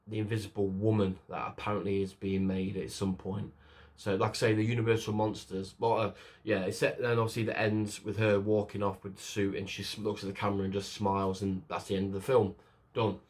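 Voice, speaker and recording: A man talks through a film he just watched in a loose, casual review. His voice sits a little low. He rambles with plenty of fillers and restarts, and he acts out the characters' lines as he retells the story.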